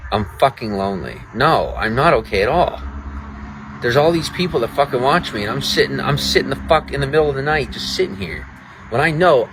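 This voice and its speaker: A man's voice: medium pitch, background noise. A man live-streaming outdoors at night in the rain, ranting in a profane and sarcastic way to his chat. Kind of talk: late-night livestream rant.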